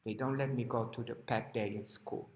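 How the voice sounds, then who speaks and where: A man's voice: medium pitch, fairly even intonation, normal speed, a little mellow, natural voice. A man voicing a sensitive young male pet pig in a storybook tale told to a class, in a simple, subdued way. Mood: hurt. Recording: roomy hall reverb.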